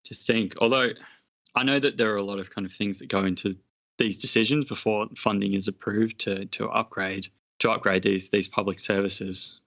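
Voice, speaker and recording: Male podcast co-host, low voice, attentive and inquisitive, casual. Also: fairly even intonation, normal speed, gravelly, a bit bright. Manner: attentive listener with short reactions and questions. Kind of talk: casual chat.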